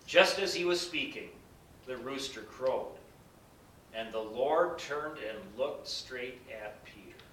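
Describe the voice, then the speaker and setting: A man reading scripture aloud in a measured, solemn way. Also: animated. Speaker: scripture reader. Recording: bright roomy echo, distant mic, faint rumble.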